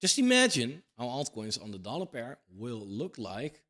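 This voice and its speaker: Man, thirties, middle-pitched voice, casual monologue, blunt, emphatic, swears freely. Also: wildly swooping pitch, normal speed, a bit bright. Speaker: crypto commentator. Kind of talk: casual talking-head monologue.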